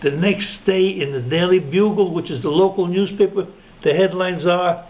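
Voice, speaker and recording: Guy telling a long silly joke, laughs at his own punchlines, kinda high voice, sounds like a phone line. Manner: chuckles at his own punchlines, slows for them. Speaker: joke teller.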